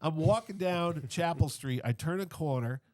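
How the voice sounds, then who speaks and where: A man's voice: fairly high pitch, moderate pace, no room sound. A middle-aged man as a podcast guest, telling a story casually and acting out the voices of everyone in it. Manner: animated, acts out everyone's voices. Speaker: comic convention founder, podcast guest.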